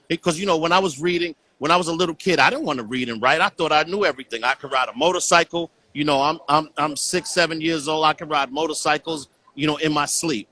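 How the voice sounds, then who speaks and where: A man's voice: a little high, fast, few pauses, sharp tone. A man talking earnestly in a casual call conversation as a guest, often saying "you know what I'm saying".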